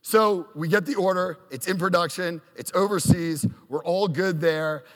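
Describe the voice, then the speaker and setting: A man's voice: high-pitched, normal speed, long reverb tail. A man in his thirties telling a self-deprecating story on stage, acting out quotes. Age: 30s. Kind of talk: live storytelling.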